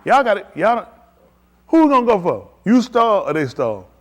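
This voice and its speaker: A man pastors his congregation through a live-streamed sermon, his high-pitched voice very animated at a moderate pace. Short, punchy declarations come hammering out, emphatic and repeated.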